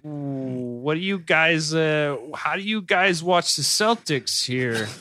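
A man putting on the voice of a gruff male gangster fugitive abroad, drawling and hesitant with lots of cursing. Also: a little high, lively intonation, takes it slowly, pushed and bright, dry recording, full character voice. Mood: confused.

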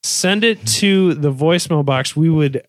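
A man hosting a casual podcast, reading out plugs and teasing his co-hosts in a relaxed, playful way. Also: fairly high pitch, unhurried, dry recording, clean studio sound. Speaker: podcast host.

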